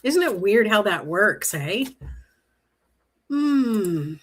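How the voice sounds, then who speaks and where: A middle-aged woman from Canada talks through a live tarot reading at a relaxed, slow pace. Her voice is bright and clear. She drifts easily between the cards and the viewers' comments, laughing often. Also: medium pitch. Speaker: tarot livestream host. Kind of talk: casual live-stream chat while reading tarot cards.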